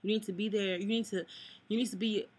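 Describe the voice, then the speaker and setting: A woman's voice: mid-range voice, fairly even intonation, fast, a little mellow, breathy edge. A sad, upset young woman venting to viewers in a rambling vlog, cursing freely. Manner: rambling, cusses, addresses viewers. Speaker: vlogger.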